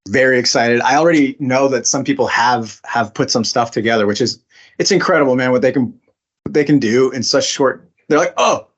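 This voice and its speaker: A man's voice: mid-range voice, a little fast. Chatty man, slightly muffled audio. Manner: chatty, many fillers and restarts. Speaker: voice actor guest. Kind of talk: casual interview.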